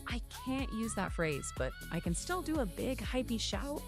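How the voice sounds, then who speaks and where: Brief: upbeat female AI assistant voice, animated intonation, music underneath. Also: a little high, moderate pace, few pauses. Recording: clear music behind voice.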